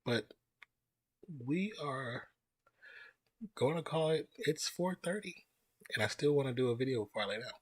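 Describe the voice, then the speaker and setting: A man's voice: mid-range voice, normal speed, pauses often, husky, no room sound. A man hosting a live stream, chatting loosely and greeting viewers as they join. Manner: relaxed, rambling, greets chat viewers by name. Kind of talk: casual live stream chat.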